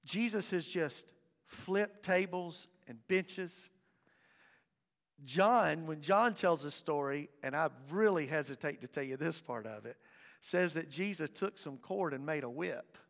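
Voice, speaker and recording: A man preaching a sermon as pastor, impassioned, swinging from loud declarations to hushed asides. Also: a little high, expressive, unhurried. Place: church sanctuary. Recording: reverberant church hall with faint music.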